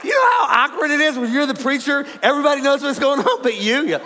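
A man with a high, light voice delivers a sermon, playful and animated as he jokes with his congregation. His voice rings out with a long hall reverb in a large church auditorium, with a faint background hum. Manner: animated, joking, laughing with congregation. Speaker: pastor.

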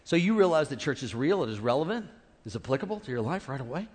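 A middle-aged man preaching a sermon as pastor, animated and calling out to his congregation. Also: mid-range voice, quick pace, slightly rough. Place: large church auditorium. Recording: reverberant church hall.

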